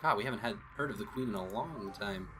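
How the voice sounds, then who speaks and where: A man playing a visual novel, reading its text aloud and breaking off for excited reactions and guesses. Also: on the low side, quick pace, faint music behind. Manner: excitable asides, thinking aloud. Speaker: let's play host.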